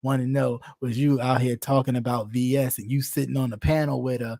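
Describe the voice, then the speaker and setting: Brief: gossip commentator, middle-pitched, blunt and cussing, teasing tone, close dry mic. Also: flat delivery, a little fast, creaky, mellow, no room sound. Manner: blunt, profane and teasing, laughs often. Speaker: online commentator.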